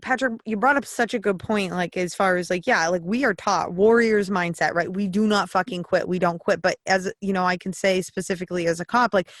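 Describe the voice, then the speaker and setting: A woman's voice: on the low side, fairly even intonation, fairly quick, hardly any pauses, dry recording, studio quality. A woman hosting a podcast in casual interview chat, frank and rambling, swearing freely as she talks. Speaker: podcast host.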